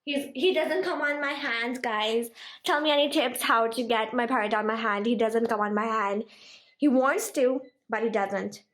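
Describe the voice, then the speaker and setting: A woman's voice: fairly high pitch, moderate pace, a bit bright, roomy sound, poor audio. A young woman filming her pet parrot at home, coaxing and cooing at it in a giggly baby-talk voice. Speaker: parrot owner and vlogger. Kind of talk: casual vlog talking to a pet.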